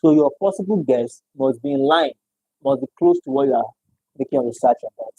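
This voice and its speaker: A man's voice: mid-range voice, brisk, dark tone, breathy edge, no echo, low-quality recording. A man teaching a live-streamed economics lecture, repeating points and checking in with listeners. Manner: repetitive, checks in with "all right?".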